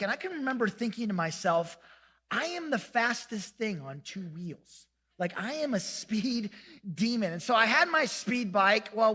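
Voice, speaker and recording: A man preaching a sermon as pastor, telling a self-mocking story in an animated way and acting out the lines of the people in it. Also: high voice, long reverb tail. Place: church sanctuary.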